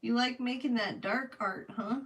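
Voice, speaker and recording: A woman's voice: a little high, normal speed, fairly bright tone. A woman chatting casually with her viewers while she paints on a live stream, answering them by name and laughing often. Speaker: livestreaming artist. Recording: voice a bit distant from the mic.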